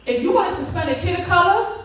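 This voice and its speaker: A woman with a high voice delivers a conference speech like a sermon. She tells stories and throws questions back to the crowd. Her voice rings through a large, echoey hall, picked up from far off the mic. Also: lively intonation, fast, fairly bright tone. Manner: preacher-like storytelling with crowd call-and-response. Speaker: school district leader giving a conference talk.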